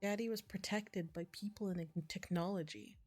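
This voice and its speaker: A woman's voice: medium pitch, steady tone, moderate pace, a little mellow, husky. A woman streaming a game, reading the dialogue aloud between chatty asides. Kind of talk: casual gameplay commentary.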